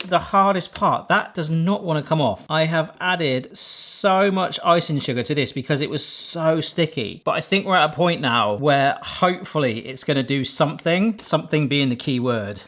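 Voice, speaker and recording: A man's voice: fairly high pitch, expressive, normal speed, few pauses, a bit bright. A man chatting casually through a cooking vlog, jokey and self-mocking as he tests a toy. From England. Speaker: food YouTuber testing a vintage toy.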